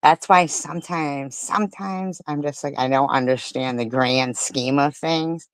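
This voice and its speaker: A woman giving angry live-stream commentary, ranting furiously and profanely, swinging between loud outbursts and low mutters. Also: unhurried, clean tone, no room sound.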